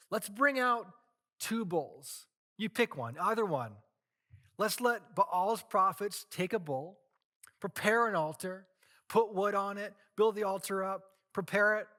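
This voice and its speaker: A pastor acting out a defiant prophet. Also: male voice, high voice, animated, measured pace, bright, forceful tone, pitched above the performer's own voice, heavily acted. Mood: challenging. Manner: challenging, commanding. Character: bold, defiant male prophet.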